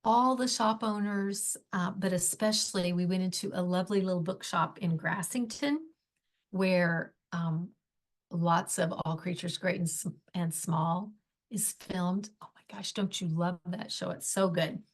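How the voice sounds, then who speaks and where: A woman hosts her own podcast and tells stories at an unhurried, easy pace. She talks in a chatty, enthusiastic way and slips in gushing little asides. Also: on the low side, fairly even intonation. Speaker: podcast host. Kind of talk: casual solo podcast storytelling.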